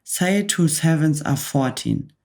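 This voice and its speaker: Lady whispering a mean bossy headmistress, barking and scornful, slow whispered role-play. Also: low-pitched, lively intonation, vocal fry, darkish tone, full character voice. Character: huge bullying female headmistress, furious and cruel.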